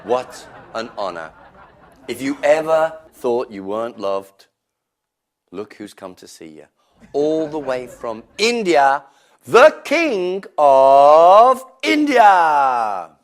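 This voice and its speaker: A man gives wry, unhurried commentary as he introduces each guest. His voice is a bit high and lively, and he takes his time.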